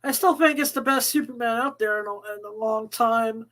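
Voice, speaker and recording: Woman co-host, high-pitched, rambling casual chat, foul-mouthed. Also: normal speed, fairly bright tone, rough recording. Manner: chatty, stumbling restarts, swears casually. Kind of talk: casual live chat show.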